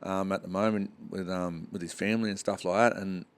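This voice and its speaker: Low-voiced easygoing Australian man. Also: steady tone, fairly quick, smooth. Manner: easygoing, fills with "um" and "yeah". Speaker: podcast co-host. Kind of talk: casual chat.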